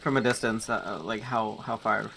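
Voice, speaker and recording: Gravelly, bright-voiced male player. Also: on the low side, fairly even intonation, normal speed, a little hiss or hum. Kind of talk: casual play chat.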